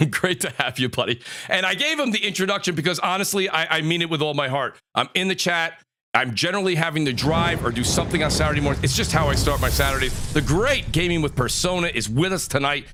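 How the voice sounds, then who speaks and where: A man hosts a live gaming podcast, hyping up each guest in a casual, energetic way. His voice sits fairly high and sounds bright and forward. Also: quick pace. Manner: energetic, hyped introductions. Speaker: podcast host. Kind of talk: casual panel show hosting.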